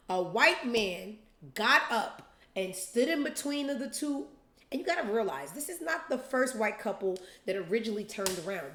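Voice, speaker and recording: A young adult woman hosting a show, telling a profane story casually and acting out other people's lines in different voices. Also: medium pitch. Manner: animated, profane, acts out quotes in different voices. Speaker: podcast host. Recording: roomy echo.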